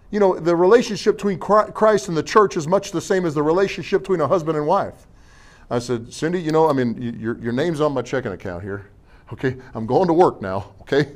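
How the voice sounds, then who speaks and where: A middle-aged man preaching a sermon as pastor, folksy and jokey, tossing in amens and rhetorical questions. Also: on the high side.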